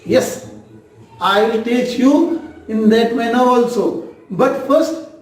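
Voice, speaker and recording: A man's voice: extremely high pitch, takes it slowly. A Hindi-native man with an Indian accent teaching an online language lesson, repeating each sound and asking the class to say it back. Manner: drills sounds by repeating them, asks "what we say?". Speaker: Hindi tutor. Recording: very echoey room, distant mic.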